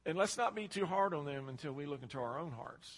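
Preacher, male, emphatic sermon delivery, voice bright and higher than most, echoing through a big hall. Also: lively intonation, quick pace, slightly rough. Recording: long hall reverb.

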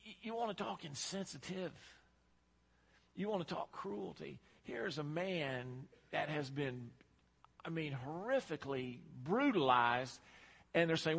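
A man's voice: on the high side, expressive, measured pace, gravelly, a bit bright, slightly rough. A man preaching a sermon, talking emphatically and repeating himself for effect. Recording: long hall reverb.

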